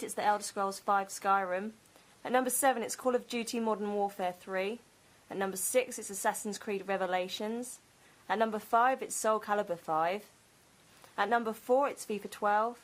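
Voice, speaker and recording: A woman co-hosts a casual gaming podcast in a mid-range voice. She reads lists out crisply and drops light laughs between lines. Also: medium pitch, low-quality recording. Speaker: podcast co-host. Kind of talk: casual chat.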